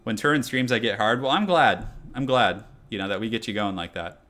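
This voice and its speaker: A man's voice: on the low side, a little fast, a bit bright. A young man casually commenting on his live game stream, chatting loosely and answering chat as he goes. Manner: chatty, reads chat aloud, many fillers.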